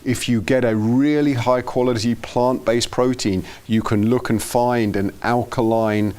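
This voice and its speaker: A man, the interviewer, speaking hesitantly with frequent pauses in a conversational interview. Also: medium pitch, steady tone, a little mellow, smooth. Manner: hesitant, many fillers.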